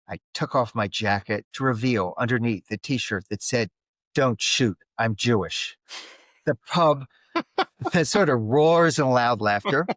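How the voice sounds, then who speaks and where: A man's voice: lowish voice, fairly bright tone, no room sound. An older man with a Philadelphia and South Jersey accent and a nasal voice, telling stories as a podcast guest. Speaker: guest, conflict mediator. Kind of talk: storytelling in a podcast interview.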